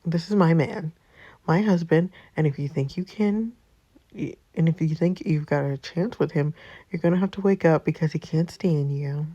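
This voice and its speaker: A woman's voice: sits low, moderate pace, dark tone, dry recording, highs cut off. A woman reading the lines of a possessive, blunt young wife in a story game, and its narration.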